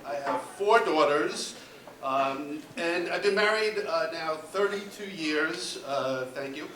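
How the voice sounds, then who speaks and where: A man in his fifties doing a stand-up set, halting and full of ums and repeated words, recorded in a club with audience laughter. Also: on the high side, heavy background noise. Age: 50s. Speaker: stand-up comedian. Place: comedy club stage. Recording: roomy club sound from a distance with loud crowd.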